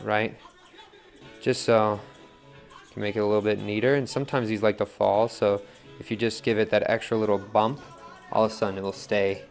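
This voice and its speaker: A man's voice: fairly low pitch, gravelly. A man casually demonstrating pottery on the wheel, talking his viewers through each step with lots of "like" and "right?". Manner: relaxed, chatty, lots of "like" and "right?". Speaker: pottery teacher.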